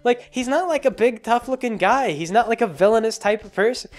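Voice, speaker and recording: A man's voice: very high voice, animated, a little fast. A man rambling sarcastically through a casual movie recap, full of fillers and restarts. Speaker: vlogger.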